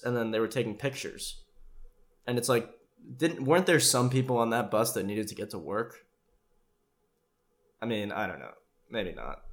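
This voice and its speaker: A man giving casual, rambling commentary on a show, sarcastic and swearing freely. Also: fairly low pitch.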